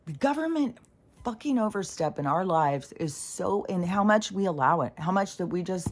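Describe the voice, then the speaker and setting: A woman's voice: lowish voice, expressive, normal speed. A woman talking straight to camera in a rambling, indignant rant, swearing heavily as she tells a story. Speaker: spiritual vlogger. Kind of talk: casual ranting monologue.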